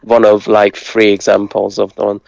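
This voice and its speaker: Low, flat-voiced Hungarian tutor. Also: male voice, creaky, no echo, low-quality recording. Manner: patient, breaks words down slowly, hesitant fillers. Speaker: language tutor. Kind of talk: casual language lesson.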